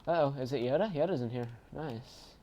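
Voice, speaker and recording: A man casually commentating his own video game play, chatty and bursting into excited shouts. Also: mid-range voice, a little fast, muffled recording, a little hiss or hum. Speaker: gaming channel host.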